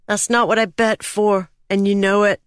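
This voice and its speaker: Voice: mid-range voice, flat delivery, moderate pace, a bit bright, smooth, dry recording, studio quality, voice pushed up, natural voice. A narrator voicing a sly, self-assured young female thief who answers with cool confidence.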